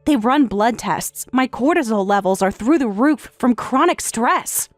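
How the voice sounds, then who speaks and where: A woman voicing a calm, sarcastic wife in a text-message story, speaking in a matter-of-fact way. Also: a little high, a little slow, no echo, faint music behind. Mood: cool, sarcastic. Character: calm, sarcastic wife who has left her husband.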